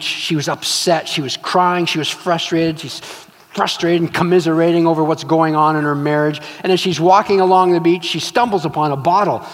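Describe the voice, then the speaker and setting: A man preaching a sermon in an earnest, storytelling way. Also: on the high side. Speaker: pastor. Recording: long hall reverb.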